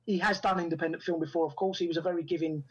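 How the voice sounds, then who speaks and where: This middle-aged man, an actor making his directing debut, is a guest swapping anecdotes in a relaxed interview and voicing the dialogue he recounts. His husky voice is fairly high and even in tone, he talks very fast, and the audio sounds muffled.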